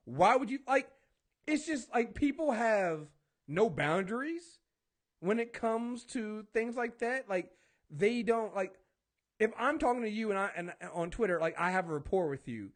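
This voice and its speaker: Ranting and swearing a lot, this podcast host keeps his talk show casual and acts out conversations. His voice is extremely high and animated, moving at a moderate pace.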